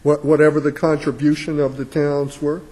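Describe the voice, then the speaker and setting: Mellow-voiced male judge probing counsel. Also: a little high, level tone, normal speed. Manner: probing, interjecting questions with small restarts. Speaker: appellate judge questioning counsel. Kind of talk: courtroom questioning. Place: courtroom.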